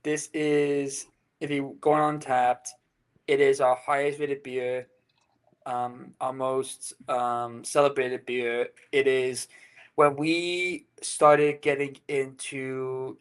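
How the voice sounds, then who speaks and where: A man's voice: medium pitch, fairly even intonation, slow. A man from England, a brewery co-founder, chatting as a podcast guest, rambling with lots of "you know" and "like". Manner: rambling, many fillers and restarts. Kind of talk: casual interview chat.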